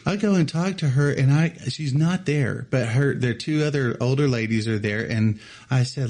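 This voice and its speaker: A man in his thirties telling a personal story in casual chat, animated and often laughing as he acts out other people's lines. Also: mid-range voice, moderate pace. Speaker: podcast co-host telling a story.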